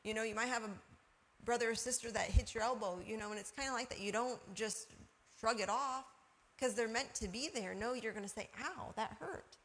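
A woman's voice: on the high side, brisk. A woman sharing everyday examples in a casual faith discussion, often asking "you know". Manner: warm storytelling with everyday examples and laughs.

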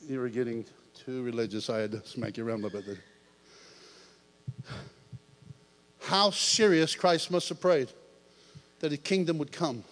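A man preaching a lively sermon, telling his testimony with shouts, jokes and laughter. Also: medium pitch, unhurried, long pauses, in a large hall.

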